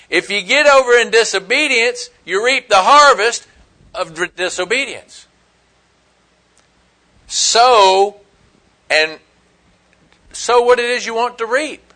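A man's voice: high-pitched, bright, forceful tone. A man preaching a sermon in a folksy, emphatic way, full of rhetorical questions. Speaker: pastor.

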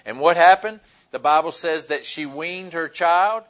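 High-voiced man preaching. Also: measured pace, a bit bright. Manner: conversational preaching with fillers, acting out Bible dialogue. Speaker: pastor. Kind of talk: sermon.

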